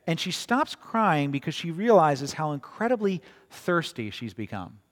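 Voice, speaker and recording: Man, preacher, conversational sermon, fairly high voice, long hall reverb. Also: big pitch swings, a little slow. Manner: conversational, repeats words, asks "right?". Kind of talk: sermon with storytelling.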